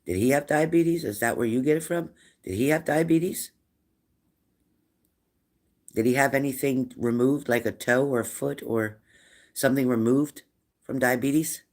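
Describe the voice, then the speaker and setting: A man's voice: medium pitch, moderate pace, long pauses, a little mellow. A man hosting a live-stream spirit reading as a medium, who asks viewers the same probing questions again and again. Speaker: psychic medium.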